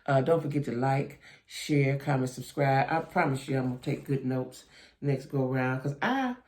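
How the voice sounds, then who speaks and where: A man's voice: medium pitch, normal speed, a little mellow. Chatty opinionated man reviewing a show. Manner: chatty, opinionated, keeps asking "right?" and "you know what I'm saying?"; talks straight to viewers as "y'all". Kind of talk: casual video commentary.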